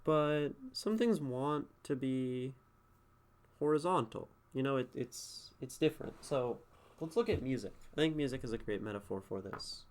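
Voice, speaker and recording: A man's voice: medium pitch, expressive, normal speed. Man casually talking through a poem. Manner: conversational, thinks aloud with many fillers and "right?" tags. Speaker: streamer critiquing poetry. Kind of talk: casual spoken critique.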